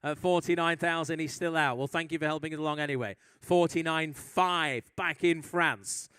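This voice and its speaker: Smooth-voiced male auctioneer calling bids. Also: a little high, fairly even intonation, fairly bright tone, no room sound. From England. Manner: brisk bid-calling with teasing asides. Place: auction hall at a live sale.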